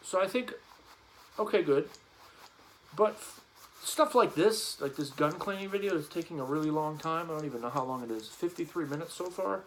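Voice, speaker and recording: Rambling man with a lively voice. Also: on the high side, moderate pace, a little hiss or hum, low-quality recording. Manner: rambling, joking, offhand. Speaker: vlogger. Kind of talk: casual talk while cleaning a gun.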